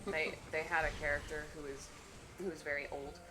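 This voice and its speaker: A woman's voice: sits low, fairly even intonation, a little fast, over music. A woman chatting casually on a charity game stream, retelling a tabletop game story with lots of fillers and laughter. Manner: chatty, many fillers, laughs while telling stories.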